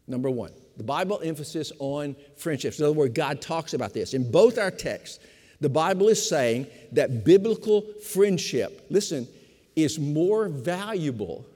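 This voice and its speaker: An older man, a pastor of fifty years, preaching a sermon with emphatic repetition, slowing for stress and speeding through asides. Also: a little high. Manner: emphatic preaching, repeats key phrases, shifts between slow stress and quick asides. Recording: long hall reverb.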